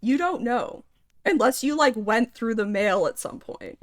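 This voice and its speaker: Woman game master, casual and halting. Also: on the high side, expressive, no room sound, studio quality. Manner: casual, hesitant narration with many fillers. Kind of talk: narrating a tabletop game.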